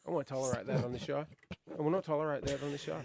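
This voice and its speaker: Animated high-voiced Australian radio host. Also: male voice, rapid-fire, gravelly, crowd noise. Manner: animated storyteller, bursts into shouting laughter. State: unwell, sick. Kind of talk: casual radio banter.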